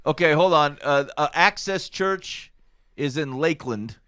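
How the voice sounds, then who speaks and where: A man's voice: on the high side, expressive, measured pace, sharp tone, clear, resonant tone, no room sound, clean studio sound. A man co-hosting a podcast in casual chat, wry and rambling, laughing easily. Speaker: podcast co-host.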